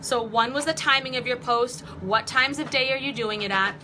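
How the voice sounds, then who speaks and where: A woman's voice: a little high, normal speed, noisy background. A woman in her forties hosting a live-stream vlog, giving online marketing tips in an upbeat, chatty way with jokey asides. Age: 40s.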